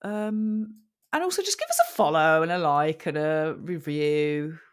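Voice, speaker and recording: British woman podcast co-host, deep for a woman, frank and sweary. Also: animated, measured pace, clear, resonant tone. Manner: frank and sweary, with dry self-mocking humor. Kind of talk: casual chat.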